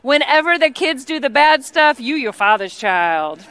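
A woman speaking from a church stage, telling humorous stories in an animated, playful and chatty way. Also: high voice, measured pace, no room sound. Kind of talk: humorous sermon storytelling.

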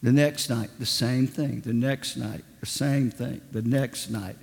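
A man's voice: medium pitch, steady tone, unhurried, creaky. Folksy male preacher telling stories. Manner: folksy, conversational, lots of "I mean" fillers. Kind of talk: sermon storytelling. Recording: long hall reverb.

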